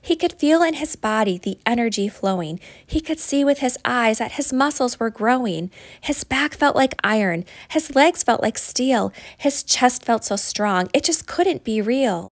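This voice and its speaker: A woman reading a rhyming picture book aloud for young children, in an expressive, sing-song way. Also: on the high side, moderate pace, dry recording. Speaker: storytime reader.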